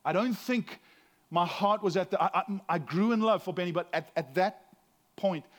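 A man's voice: high-pitched, moderate pace. A middle-aged man, a pastor, giving a conversational sermon with frequent restarts and a self-deprecating humor.

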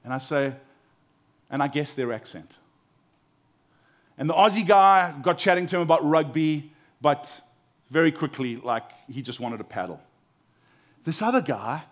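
Preaching as the pastor, a man in his forties shares stories in a relaxed, conversational way, often restarting with the same first words. His voice runs high and a bit bright, animated yet unhurried, with frequent pauses.

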